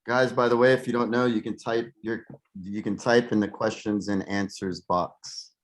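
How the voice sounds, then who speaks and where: A man's voice: on the low side, steady tone, moderate pace. A man hosting a webinar, greeting viewers in easygoing casual chat over a video call. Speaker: webinar host.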